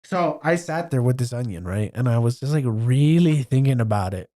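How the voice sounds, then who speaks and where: A man's voice: mid-range voice, expressive, moderate pace, warm tone. Young guy w a stuffy nose, rambly storytelling on a chill podcast, laughs a lot. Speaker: podcast co-host. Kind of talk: casual chat.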